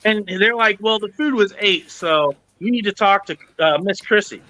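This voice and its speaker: A man with a noticeably high voice hosts a casual podcast chat. He tells a long grievance story with lots of energy, acting out everyone he quotes and cursing freely. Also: moderate pace, low-quality recording. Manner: animated, acts out quoted people, swears. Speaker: podcast host.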